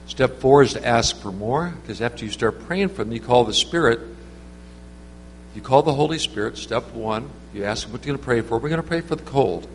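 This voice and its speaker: A man's voice: medium pitch, animated, brisk. Rambling man preaching in a reverberant hall. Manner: rambling, conversational, with many restarts and fillers. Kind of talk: informal sermon with storytelling. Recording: reverberant hall with faint hum.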